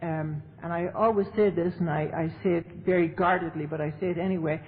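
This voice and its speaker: A woman's voice: on the low side, steady tone, fast talker. A woman telling her recovery story to an audience as a speaker, in a chatty, humorous way. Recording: tinny lo-fi tape with faint hiss.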